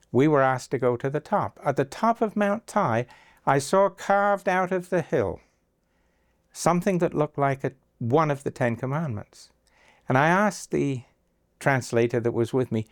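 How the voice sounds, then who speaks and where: An older man telling stories in an interview, acting out the lines of the people in them. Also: on the high side. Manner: anecdotal, acts out quoted dialogue. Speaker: interviewee, agency founder. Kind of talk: storytelling interview.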